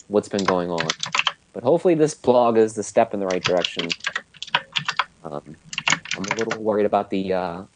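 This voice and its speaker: A man co-hosting a casual live-streamed show, speaking in a relaxed, matter-of-fact way. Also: on the low side, background noise. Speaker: podcast co-host.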